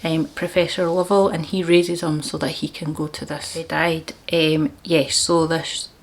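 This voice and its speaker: A woman's voice: sits low, flat delivery, measured pace. A woman vlogging about books, chatty and enthusiastic, with frequent laughs. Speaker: book vlogger. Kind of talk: casual book chat.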